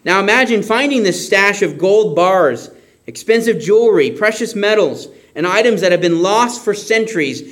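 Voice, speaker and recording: Guy preaching, pretty high voice, gets really expressive. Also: moderate pace. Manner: expressive, acts out shouts and whispers. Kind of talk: sermon.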